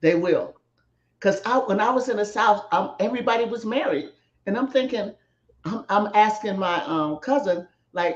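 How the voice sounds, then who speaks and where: A woman's voice: medium pitch, expressive, normal speed, echoey room, muffled recording. A woman in her fifties, a guest in a casual talk show, musing and laughing as she talks. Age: 50s. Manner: laughs while talking, musing and questioning.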